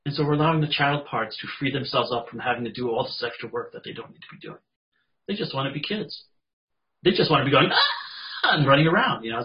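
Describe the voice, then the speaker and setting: A man leading a group meditation session over a video call, talking in a gentle, chatty way and acting out inner voices. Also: medium pitch. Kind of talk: casual group guidance. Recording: dull lo-fi video call audio.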